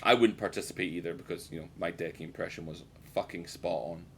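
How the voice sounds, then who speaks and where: A man's voice: low-pitched, quick pace, vocal fry, fairly bright tone, a little hiss or hum. A British man streaming a game, rambling and joking with his chat and swearing freely. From United Kingdom. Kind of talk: casual gameplay commentary.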